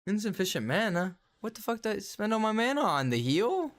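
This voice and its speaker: A man with a high voice streams a game and chats casually with his viewers. He rants bluntly, full of slang and swearing. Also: sing-song, fairly quick. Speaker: gaming livestreamer. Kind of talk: casual livestream chat while playing.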